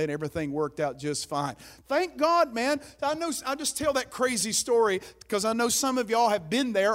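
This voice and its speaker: A man preaching a sermon as pastor, emphatic and exhorting his listeners. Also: sits high.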